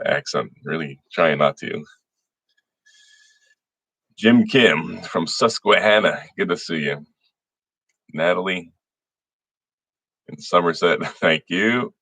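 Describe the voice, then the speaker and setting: A man's voice: a bass voice, fairly bright tone, no room sound. A middle-aged man hosting a livestream, casually greeting viewers by name in a folksy way. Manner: folksy, reads viewer names aloud, frequent restarts. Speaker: state senator hosting a livestream.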